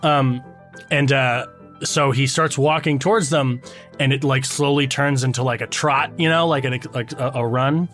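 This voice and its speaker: A man narrating his character's actions in a tabletop game, casual and halting. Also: medium pitch, steady tone, fairly bright tone, soft background music. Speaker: player.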